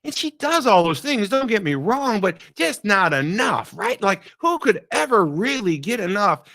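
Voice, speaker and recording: Middle-aged male devotional host, gravelly, dry close sound, reflective and conversational, trailing off softly. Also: sits high, very animated, moderate pace, few pauses, no echo. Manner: musing, conversational, trails off quietly.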